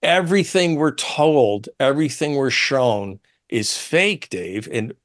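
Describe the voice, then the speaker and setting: Animated, emphatic male talk radio host. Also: mid-range voice, takes it slowly. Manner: animated, emphatic, quotes others in changed tones.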